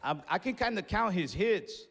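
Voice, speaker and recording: A young man doing stand-up comedy, telling a story in casual slangy talk and breaking into loud acted-out yells. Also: sits high, expressive, moderate pace, creaky, slight background noise. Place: comedy stage in a large venue. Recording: live show in a reverberant hall with audience.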